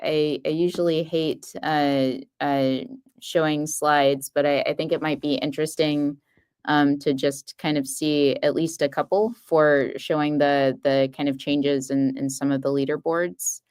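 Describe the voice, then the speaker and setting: A woman's voice: sits low, little pitch movement, a little slow, a little mellow, clear, resonant tone. A woman speaking as a guest expert on a live coding stream, hesitant and thinking aloud. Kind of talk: live coding demo, casual.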